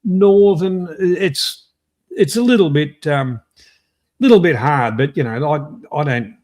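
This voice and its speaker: A man's voice: a little high, takes it slowly, darkish tone. An English man hosting a casual live stream, talking with hesitant restarts and greeting viewers in the chat. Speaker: stream host.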